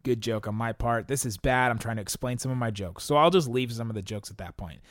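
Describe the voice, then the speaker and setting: A young man hosts a casual podcast, working through listener questions in a loose, rambling way. He laughs often, restarts his sentences and leans on fillers. His voice sits at an ordinary middle pitch and sounds dry and close to the mic. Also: fast, no echo. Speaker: podcast host.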